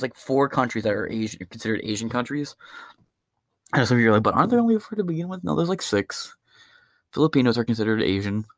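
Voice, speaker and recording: A man's voice: medium pitch, dry recording, studio quality. Profane rambling man ranting on a podcast. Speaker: podcast host. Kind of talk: ranting solo podcast monologue.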